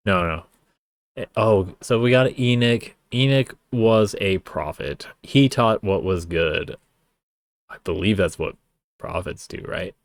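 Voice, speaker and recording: This is a young male streamer with a low voice reacting to a song, his commentary casual, sarcastic, and profane as he wanders off into rambling asides. The audio has no echo.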